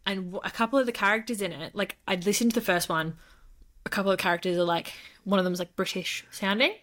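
A woman co-hosting a casual podcast about books and films. She talks in a loose, rambling way, full of asides. She keeps breaking into animated acted-out quotes. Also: medium pitch, quick pace. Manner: animated, acts out quotes in voices. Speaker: podcast co-host. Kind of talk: casual chat.

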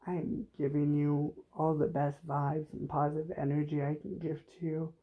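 A man hosting an unplanned solo podcast, talking haltingly with many fillers, emotional and close to tears. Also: a little high, level tone, narrow, tinny audio. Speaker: podcast host.

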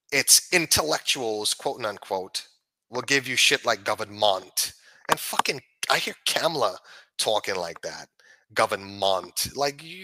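A man's voice: mid-range voice, bright, forceful tone, dry recording, low-quality recording. A man ranting into the camera, swearing often and repeating himself as he builds his points. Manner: profane, heated and repetitive, with frequent restarts. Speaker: vlogger. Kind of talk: ranting commentary.

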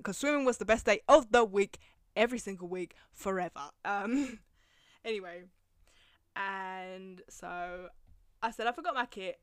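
A woman's voice: medium pitch, no room sound. Young woman, solo podcast host, gossipy and profane, mid-range voice, dry close sound. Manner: profane, gossipy and animated, laughs often. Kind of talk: casual storytelling monologue.

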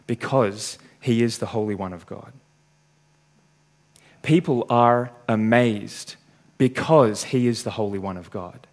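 A man preaching a sermon, working through a passage step by step and reading the scripture aloud. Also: mid-range voice.

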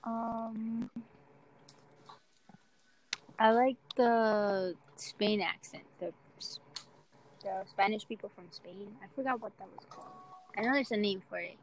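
A woman's voice: mid-range voice, takes it slowly, pauses often, a little hiss or hum, poor audio. A woman chatting as a guest on a casual podcast, playful and blunt. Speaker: guest, streamer.

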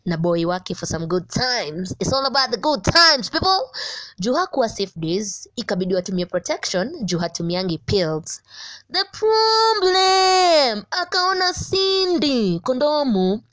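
A young Kenyan woman hosting a casual podcast, lively and laughing often, mixing English with Swahili slang. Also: mid-range voice, normal speed, dry recording. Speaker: podcast host.

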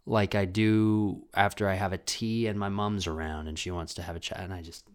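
Young man, lowish voice, solo home podcast, rambling, profane, self-mocking. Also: steady tone, moderate pace, clean tone. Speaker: podcast host. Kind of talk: casual solo podcast monologue. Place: home room with a ring light. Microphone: camera mic.

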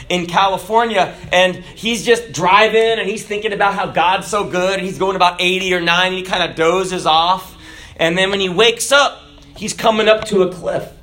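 A man preaching a sermon. He tells a joke in storyteller fashion, then reads scripture, often letting his voice fall low and soft at the ends of lines. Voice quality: dramatic drops in pitch and volume at line ends.

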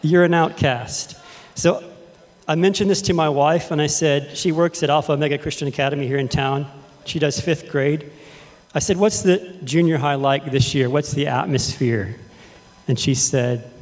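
A middle-aged man raised in Texas preaches to his congregation in an easy, chatty style, often checking in with them. His voice sits a little high. The sound carries a long hall reverb. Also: fairly even intonation, moderate pace. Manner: casual, conversational, addresses the congregation directly. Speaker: pastor. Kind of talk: sermon with storytelling. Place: church sanctuary.

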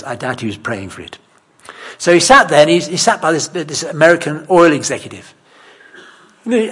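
A man's voice: a little high, a bit bright, slightly rough. A man preaching a sermon in a conversational, emphatic, self-deprecating way.

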